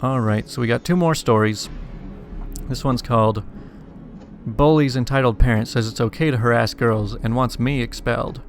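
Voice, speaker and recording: A man's voice: mid-range voice, steady tone, normal speed, faint music behind. A man casually reading online stories aloud and stopping to comment on them. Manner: casual, stops to comment and apologize for the text. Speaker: story reader and YouTuber.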